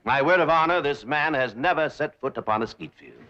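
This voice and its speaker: An actor playing a scheming bank president with an oily, ingratiating manner. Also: male voice, on the high side, expressive, fairly quick, noisy background, lightly acted. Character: scheming, smooth-talking male bank president. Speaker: Mr. Drysdale. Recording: dull old TV audio.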